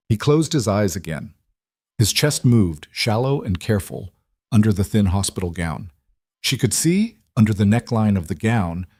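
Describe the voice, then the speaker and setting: A man reads a crime story aloud with steady, measured storytelling. His voice sits low and the sound is dry and close, with no room. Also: no room sound. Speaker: narrator. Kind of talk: scripted story narration.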